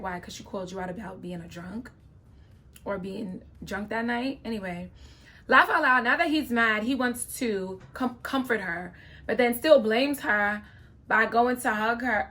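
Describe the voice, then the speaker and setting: A young woman with a slightly high voice talks straight to her viewers in a casual reaction video. She is outspoken and opinionated, and she keeps checking in with a quick "okay?" as she goes. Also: fairly bright tone.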